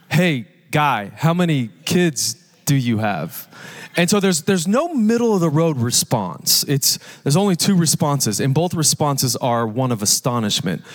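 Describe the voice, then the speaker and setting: A man in his thirties giving a lively, conversational live sermon as pastor, joking and asking the congregation questions. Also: medium pitch. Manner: energetic, conversational preaching with jokes and audience questions. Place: large church hall. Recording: live church hall reverb.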